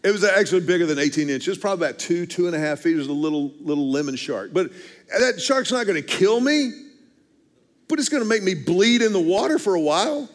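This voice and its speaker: A pastor delivering a sermon, telling stories in an animated, humorous way. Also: male voice, high voice, fast talker.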